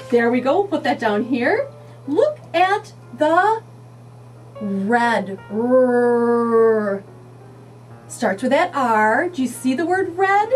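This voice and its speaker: A woman teaching young children to read, sounding out letters and words slowly and encouragingly. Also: high-pitched, darkish tone, distant mic. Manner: slow, sing-song, sounding out letters. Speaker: early reading teacher. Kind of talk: children's phonics lesson.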